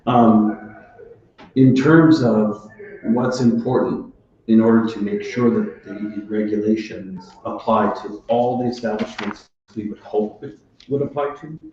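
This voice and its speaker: A man speaking as a city alder at a committee meeting, talking in a deliberate, measured way with some restarts. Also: on the low side, darkish tone, slight background noise. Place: council chamber. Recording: echoey council chamber, dull sound.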